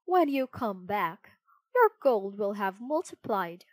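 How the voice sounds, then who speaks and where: A woman's voice: medium pitch, very animated, slow, dry recording. A woman voicing a scheming cat in a sly, persuasive manner. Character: scheming cat, the fox's partner.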